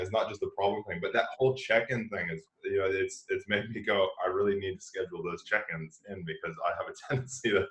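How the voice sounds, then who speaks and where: Animated male podcast host, echoey room. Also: low-pitched, fast, hardly any pauses. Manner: animated, repeats and restarts, laughs often. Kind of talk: casual interview chat.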